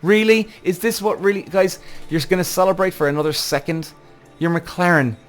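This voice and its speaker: A man's voice: on the high side, a little fast, faint music behind. A man hosting a podcast, ranting heatedly with lots of swearing in casual commentary. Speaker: podcast host.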